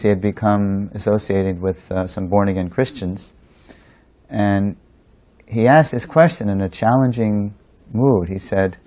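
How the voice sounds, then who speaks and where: A man's voice: lowish voice, darkish tone. A man recalling an episode with his spiritual teacher, explaining carefully and rephrasing as he goes. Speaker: disciple sharing memories. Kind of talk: storytelling reminiscence.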